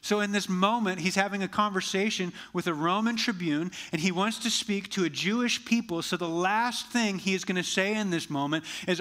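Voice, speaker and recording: A man's voice: high voice, fairly quick, hardly any pauses, fairly bright tone. A male pastor preaching a conversational sermon, acting out quoted dialogue and often restarting phrases.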